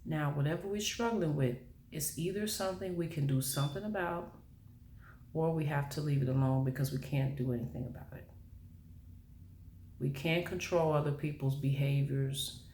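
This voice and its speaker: A vlogger speaking earnestly and encouragingly, in a soft, halting way with many pauses. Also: mid-range voice, a little hiss or hum. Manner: earnest, encouraging, faith-based; soft-spoken, halting with fillers. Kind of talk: earnest motivational monologue. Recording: roomy echo.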